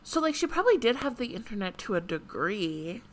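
A woman co-hosting a casual podcast chat, talking with lots of "like" fillers and breaking into sudden excited bursts. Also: mid-range voice, a little fast, a little hiss or hum. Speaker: podcast co-host.

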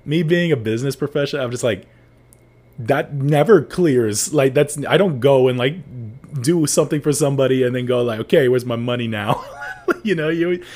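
Young male co-host, loose rambling storyteller, middle-pitched, easygoing podcast chatter. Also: normal speed, a little mellow. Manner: rambling, many likes and restarts, laughs often. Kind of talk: casual chat, storytelling.

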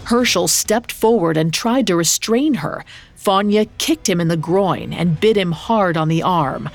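A woman narrating a scripted story in a measured, steady reading. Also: lowish voice, faint music behind.

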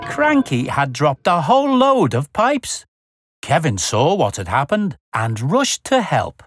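A woman reading a children's storybook aloud in an expressive, animated way. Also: deep voice, measured pace, breathy edge, no echo, studio quality.

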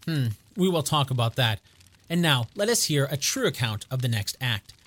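A man voicing a calm, stern detective who speaks quietly and precisely. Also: medium pitch, normal speed. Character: cool, commanding male detective.

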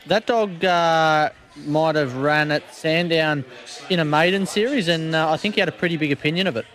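A man's voice: on the high side, moderate pace, a bit bright. An Australian man co-hosting a radio show, joking and defending himself in casual banter. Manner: defensive, playful. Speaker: radio co-host.

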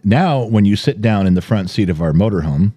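A man's voice: lowish voice, lively intonation, fairly quick, dark tone, breathy edge. A middle-aged man hosting a podcast, telling a rambling, detailed anecdote in casual conversation. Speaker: podcast host. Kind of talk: casual storytelling.

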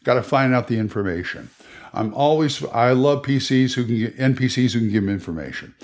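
A man's voice: medium pitch, lively intonation, fairly quick, darkish tone. A man hosting a podcast, giving casual advice on running tabletop games in a rambling way with many restarts. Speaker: game master podcaster.

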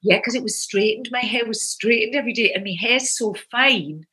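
A woman, chatting animatedly about her acting days and telling lively stories. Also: a little high, a little fast. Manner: animated, lively storytelling with quoted outbursts. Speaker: actress and guest. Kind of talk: casual conversation.

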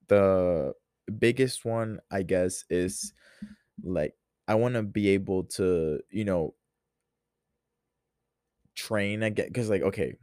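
Deep-voiced young man musing aloud. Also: darkish tone, no echo, studio quality. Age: young adult. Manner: rambling, reflective, full of fillers and restarts. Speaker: podcast host. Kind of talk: casual solo podcast chat.

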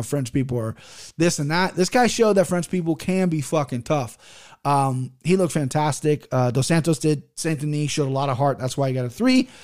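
A man talking on his own into a desk mic, in a loose, unscripted commentary style. His voice sits a little higher than most men's, and he is blunt and opinionated, cursing freely as he gives his verdicts. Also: a little mellow. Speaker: podcast host reviewing fights. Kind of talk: casual solo commentary. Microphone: headphones and desk mic.

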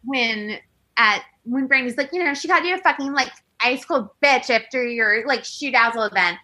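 A woman chatting casually, gossiping in an animated way with lots of "like" and playful impressions of people, in a high girlish voice. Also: normal speed, noisy background. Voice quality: high girlish voice, self-described baby voice. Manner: gossipy, animated, heavy use of "like", imitates people. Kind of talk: casual chat.

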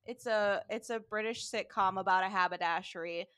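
A woman co-hosting a casual rewatch podcast, riffing with quick jokes and bits. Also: medium pitch, fairly even intonation, bright, forceful tone, clear, resonant tone. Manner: jokey, quick riffs and bits. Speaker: podcast co-host.

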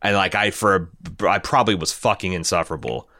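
Casual podcast co-host, man in his thirties, rambling and profane, low voice with a bright edge. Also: fast, dry recording, clean studio sound. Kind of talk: casual movie chat.

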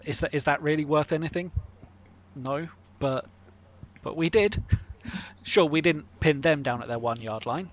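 Guy on a sports podcast, kinda hesitant, lots of ums, slight noise behind. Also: medium pitch. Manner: hesitant, subdued, many fillers. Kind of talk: casual sports chat.

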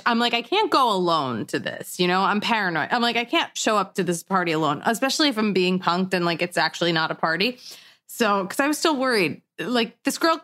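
A young woman telling a story casually, laughing often and acting out what people said. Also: mid-range voice. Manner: animated, laughs often, acts out quotes. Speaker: storyteller guest.

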